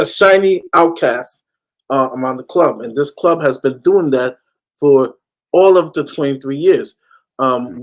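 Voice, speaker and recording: A man from the United States ranting animatedly as a football fan panelist. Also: mid-range voice. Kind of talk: casual fan chat.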